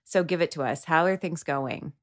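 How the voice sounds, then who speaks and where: A woman's voice: deep voice, moderate pace. A woman in her thirties, a podcast co-host, talking earnestly and openly about her feelings in candid chat.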